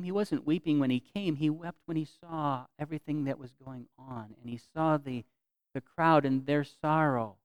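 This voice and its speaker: A man preaching a sermon as pastor, earnest, repeating phrases for emphasis and swinging from loud to soft. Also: a little high, clear, resonant tone, no room sound.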